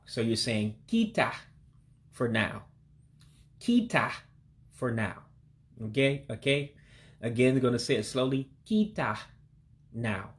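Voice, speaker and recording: A man giving a language lesson, patiently repeating vocabulary words slowly and breaking each one down. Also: mid-range voice, lively intonation. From heritage learner of Igbo descent. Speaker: language learner teaching vocabulary.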